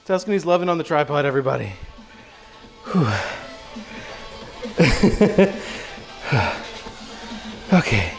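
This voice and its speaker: A man's voice: on the high side, animated, takes it slowly, creaky, pauses often, faint music behind. A young man hosting a casual cooking livestream, joking and chatting with his viewers as he cooks. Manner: playful, joking, talks to chat viewers.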